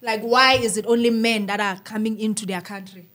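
A woman's voice: on the high side, brisk. A woman from South Africa chatting and bantering with her husband on a casual couple's vlog. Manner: animated, laughing banter. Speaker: vlog co-host. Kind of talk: casual chat.

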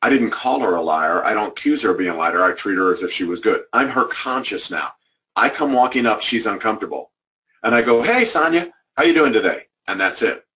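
A man leads a training session, driving his points home through repetition in a direct, conversational way. His voice sits low and sounds distant, as if picked up from far across a conference hall. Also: animated, brisk, bright, forceful tone. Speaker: workshop presenter. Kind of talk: motivational training talk. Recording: distant microphone.

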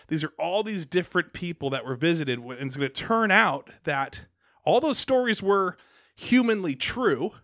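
Male podcast host, slightly high, bright tone, rambling delivery, dry close sound. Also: no echo. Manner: rambling, animated, lots of restarts. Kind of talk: casual chat.

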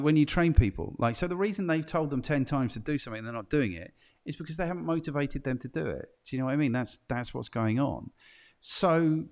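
A man's voice: mid-range voice, a little mellow. Chatty male podcast host. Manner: chatty, musing, asks guests questions, frequent "do you know what I mean". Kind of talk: casual podcast conversation.

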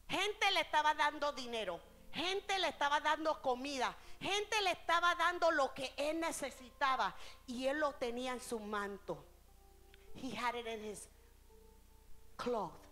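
A woman's voice: high voice, lively intonation, moderate pace, pushed and bright. A woman preacher giving a bilingual sermon in a church, switching between Spanish and English phrase by phrase, rising and falling in intensity and drawing out key words.

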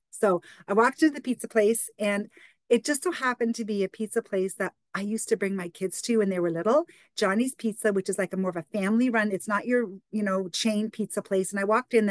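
A woman's voice: medium pitch, no echo. A woman in her fifties from Canada hosting a team call, chatting casually and retelling conversations with lots of "I said" and "she goes".

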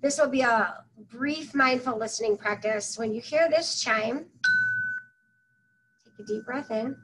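Slow, soothing woman guiding meditation. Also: fairly high pitch, background noise. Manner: slow, soft, soothing instructions with long pauses. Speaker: meditation guide. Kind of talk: guided meditation.

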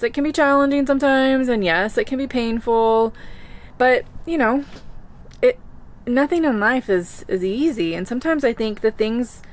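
Earnest woman vlogging with animated fillers. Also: a little high. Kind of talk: casual talk to camera.

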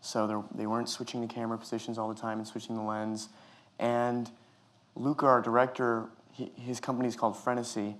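A man answering interview questions in a measured, reflective way with some hesitations. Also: medium pitch, level tone, a bit bright. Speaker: actor guest.

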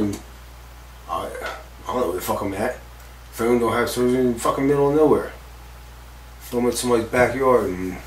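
A man telling a story in an interview, rambling and swearing freely, with lots of fillers. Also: mid-range voice. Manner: rambling, profane, full of fillers like "like" and "you know". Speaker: interviewee recounting a stunt accident. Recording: roomy echo, distant mic, faint background noise.

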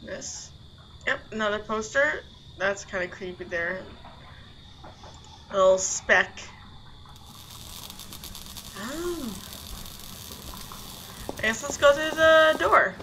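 Slow, high-voiced woman playing a horror game. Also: animated, bright, forceful tone, a little hiss or hum, rough recording. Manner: thinks aloud, easily startled, chatty. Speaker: video game player. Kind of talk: casual gameplay commentary.

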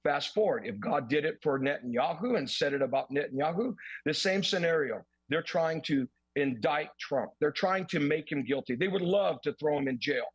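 A pastor preaching with emphasis, declaring a prophetic message on a talk program. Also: male voice, a little high, lively intonation, normal speed, hardly any pauses, breathy edge, dry recording, lo-fi sound.

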